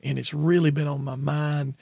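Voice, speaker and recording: A man co-hosting a podcast in casual chat, telling family stories and jumping high in pitch when he quotes himself. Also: moderate pace, creaky, slightly rough, dry recording. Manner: animated storyteller, jumps high when quoting himself. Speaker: podcast co-host, pastor.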